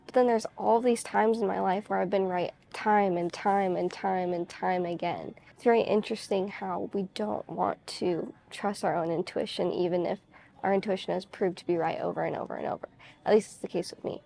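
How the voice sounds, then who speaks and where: Woman with a heavily gravelly voice. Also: mid-range voice, fairly even intonation, normal speed, warm tone, slight background noise. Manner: rambling, full of "like" fillers; candid, confessional storytelling. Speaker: vlogger. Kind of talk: casual chat to camera.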